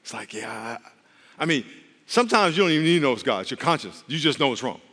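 A man preaching a sermon as pastor, conversational and humorous, with quick asides to the congregation. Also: medium pitch, big pitch swings, fairly bright tone, in a large hall.

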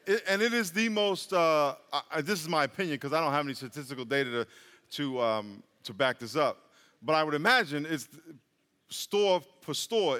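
A male pastor preaching in a large church hall with long reverb. His voice sits high and bright, and he talks in an easy, joking way that climbs to emphatic peaks. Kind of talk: sermon.

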